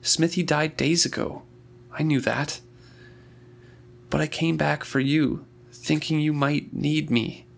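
A man reading aloud voices an earnest young man who pleads in halting, restarting phrases. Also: a little high, fairly even intonation, creaky, voice pushed up, exaggerated voice. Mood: pleading.

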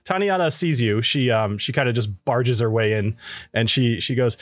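A man's voice: medium pitch, moderate pace, no room sound. A man narrating as game master in a casual, laughing way, with lots of fillers, on a home microphone.

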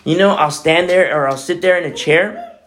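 A man preaching a sermon as pastor, in a conversational, animated way full of asides. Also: high voice, moderate pace.

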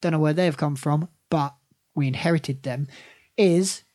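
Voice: mid-range voice, normal speed, a little mellow. A podcast host running a quiz game among friends, playful and laughing often.

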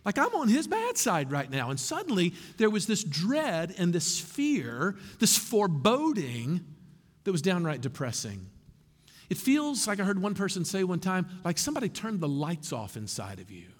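A man preaching a sermon as pastor, animated and conversational with asides to the congregation. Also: sits high, moderate pace, in a large hall.

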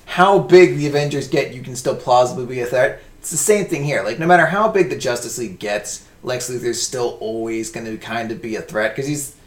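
Young male co-host, casual film chat, roomy echo, animated, loose and profane. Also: medium pitch, fairly quick, few pauses. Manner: animated, swearing, bursts into mocking put-on voices. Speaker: podcast co-host. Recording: echoey room.

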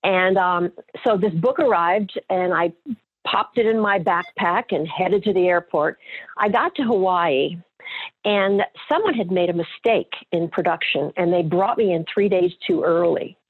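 A middle-aged woman speaks with earnest, heartfelt warmth as she tells her story. Her voice is slightly husky. It comes through a narrow, tinny phone line. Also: on the low side, unhurried. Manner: earnest, emotional storytelling with light laughs. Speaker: actress guest. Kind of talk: personal testimony in interview.

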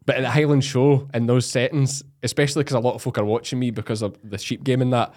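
A Scottish man talks at a quick clip as a podcast host. He tells his stories in an animated way, with plenty of fillers and restarts, and his pitch sits in the middle of the male range. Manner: fast, animated storytelling with many fillers. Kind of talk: casual interview chat.

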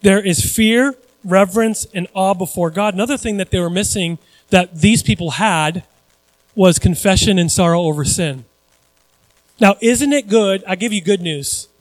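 A man preaching as a pastor, his voice sitting high and full of animation. He jumps from loud, stressed lines to hushed asides and acts out the voices of the people he quotes. The sound is close and dry, with no room around it. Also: normal speed, dry recording, poor audio. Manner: animated, shifting between loud emphasis and quiet asides. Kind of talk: sermon.

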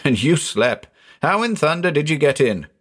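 Excitable rustic farmer, folksy backcountry talk, quavering, higher-pitched , voiced by a man, audiobook ghost story. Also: normal speed. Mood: astonished.

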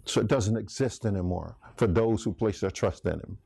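A man's voice: on the low side, moderate pace, creaky, warm tone, slightly rough, no room sound. A man preaching a sermon, emphatic, calling out listeners by name. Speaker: pastor.

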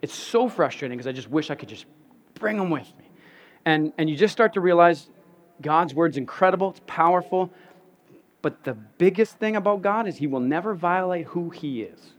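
Animated man preaching a sermon. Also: on the high side, moderate pace. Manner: animated storytelling, repeats words, laughs at himself. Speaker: pastor.

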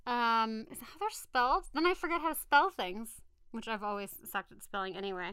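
Bright flustered woman hosting a podcast. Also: a little high, expressive, a little fast, clear, resonant tone, no room sound, clean studio sound. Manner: flustered, giggly, rambling. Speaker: podcast host. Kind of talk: casual chat, word game.

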